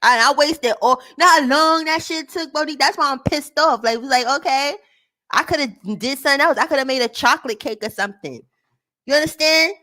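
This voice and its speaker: A woman vlogger chatting casually to her viewers, ranting loudly with frequent laughter and swearing. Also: high voice, brisk. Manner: loud, laughing, profane rants. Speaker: vlogger reacting to a clip. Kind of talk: casual livestream chat.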